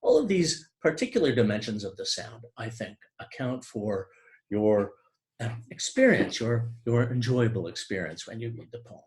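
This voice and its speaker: A man lectures on poetry with a lively, swooping delivery, his pitch rising and falling a lot as he explains. He hesitates with fillers and restarts, then slows down deliberately to lean on key terms. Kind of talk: online literature lecture.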